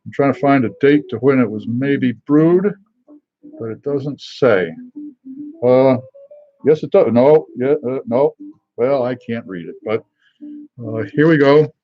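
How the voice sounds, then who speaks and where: A middle-aged man hosting a live beer tasting stream, chatting casually with many pauses and fillers and greeting viewers by name. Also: mid-range voice, highs cut off, faint music behind.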